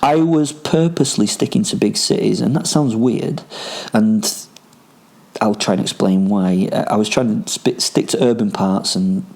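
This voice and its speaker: A man from Rochdale, England, with a Northern English accent hosts a podcast in character, telling first-person stories as a boastful adult ex-soldier and self-styled werewolf on the run. His fairly low, creaky, slightly mellow voice moves at a moderate pace as he rambles and swears with many ums and asides.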